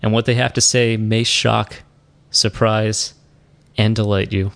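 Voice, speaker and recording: A man's voice: fairly low pitch, level tone, unhurried, creaky, a bit bright. A man hosting a podcast, talking casually and poking fun at himself, often trailing off and restarting. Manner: chatty, self-deprecating, trails off and restarts. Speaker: podcast host. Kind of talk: casual podcast chat and solo wrap-up.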